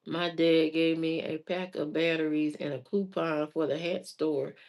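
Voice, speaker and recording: A woman's voice: sits low, steady tone, unhurried, a little mellow. An adult woman telling stories in a casual, chatty way, laughing often as she goes. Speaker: vlogger. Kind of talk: casual storytelling.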